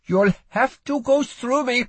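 A man's voice: extremely high pitch, takes it slowly, breathy edge, no echo, pitched above the performer's own voice, heavily acted. A man doing a desperate teenage boy guard. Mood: urgent. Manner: urgent, pleading.

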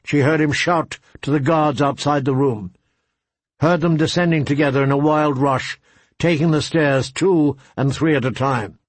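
A man's voice: a little high, fairly even intonation, normal speed, dry recording. Man reading a story aloud. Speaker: narrator. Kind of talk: audiobook reading.

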